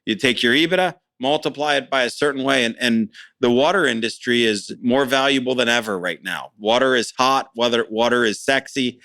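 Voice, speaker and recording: A man's voice: mid-range voice, a little fast, few pauses, bright, forceful tone, dry recording. A middle-aged man talking as a business owner in a conversational interview, enthusiastic and plain-spoken, often repeating words as he starts a phrase.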